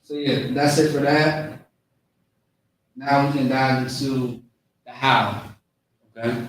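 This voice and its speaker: Man teaching scripture, slow and unhurried, checks in often; recorded far from the mic in a very reverberant room. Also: mid-range voice, level tone. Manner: repeats points, checks in with "okay?". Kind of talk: casual scripture lesson.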